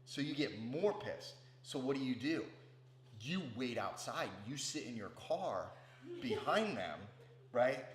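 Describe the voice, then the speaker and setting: A man's voice: mid-range voice, sing-song, a little slow. A man giving a casual, profane spiritual talk as a meditation teacher, often checking in with "right?". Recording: roomy with faint hum.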